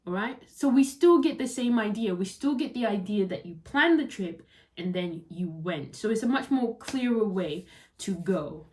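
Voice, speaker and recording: A young adult woman teaching English writing in a casual, animated way, with quick asides and laughter. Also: mid-range voice.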